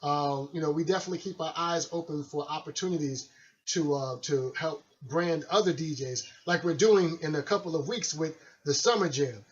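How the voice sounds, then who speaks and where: A man's voice: on the high side, moderate pace. Laid-back chatty male radio host. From Pennsylvania, USA. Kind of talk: casual interview chat. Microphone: studio mic, guest on the phone. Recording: slightly dull, lo-fi recording.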